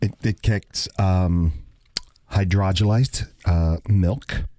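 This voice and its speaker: A man hosting a casual radio chat in a very deep, dark voice. He explains things step by step, stumbling now and then. The studio sound is dry. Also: fairly even intonation, slow, no echo. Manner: explanatory, reads out ingredients. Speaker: radio show host.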